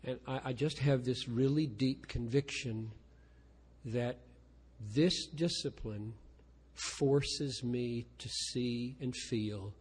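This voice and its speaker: A man's voice: medium pitch, slow, a little mellow, slightly rough. Older man lecturing in a reverberant hall. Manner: candid, self-deprecating, frequent restarts and stammered repeats. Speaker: pastor and poet speaking at a lecture. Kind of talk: lecture talk with poetry reading. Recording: long reverb of a large hall.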